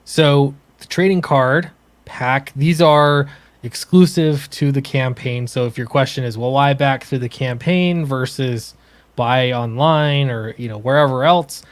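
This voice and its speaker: A man who makes comics, co-hosting a casual livestream, easygoing and halting, with many fillers. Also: medium pitch, no room sound. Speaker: comics creator and co-host.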